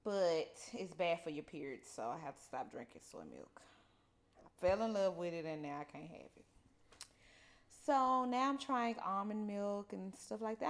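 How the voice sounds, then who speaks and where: A woman co-hosting a podcast, chatting in an unhurried way that trails off softly. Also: medium pitch, gravelly. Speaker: podcast co-host. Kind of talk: casual chat.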